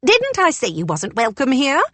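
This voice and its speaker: A woman voicing a cranky, half-deaf old housekeeper with an English accent, shrill and scolding. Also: wildly swooping pitch, moderate pace, fairly bright tone, no echo, exaggerated voice. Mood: furious scolding.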